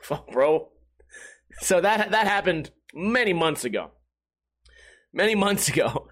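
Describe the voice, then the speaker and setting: A man's voice: very animated, slow pace, a bit bright. A young man telling stories in a casual monologue, swearing often and mimicking the people he talks about. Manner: profane, laughing, mimics others in a higher voice. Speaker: storyteller.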